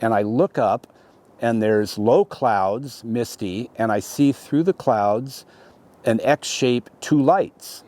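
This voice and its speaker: A middle-aged man, an interview guest, telling a story in a rambling, halting way, full of restarts and "you know". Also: mid-range voice, darkish tone. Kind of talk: conversational storytelling.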